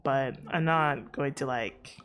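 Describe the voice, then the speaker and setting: A woman's voice: very deep voice, slow, a bit bright, soft background music. A woman streamer chatting casually on a livestream, rambling and joking crudely into her microphone.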